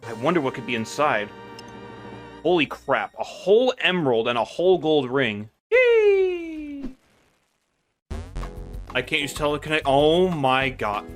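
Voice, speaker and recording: A man's voice: medium pitch, normal speed. Young guy doing game commentary, hyped up, swears a ton, talks to chat, faint music behind. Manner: excitable, swears a lot, talks to viewers. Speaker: gaming video host. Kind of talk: casual gameplay commentary.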